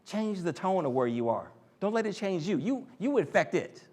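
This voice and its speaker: A man giving an animated sermon, acting out quoted voices and joking with the listeners. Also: sits high, moderate pace. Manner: animated, acts out quoted voices and jokes with the crowd. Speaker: speaker in a church teaching series.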